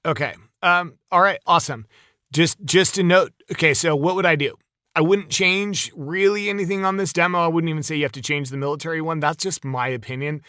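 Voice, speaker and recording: An upbeat man reviews a voiceover demo in a casual, talkative way, tossing out quick praise. His voice is bright and fairly high. It sounds dry and close, with no room echo. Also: clear, resonant tone. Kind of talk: casual video critique.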